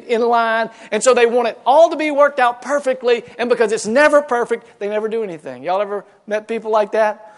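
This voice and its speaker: Man, preacher, fairly high voice, animated, folksy sermon. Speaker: pastor.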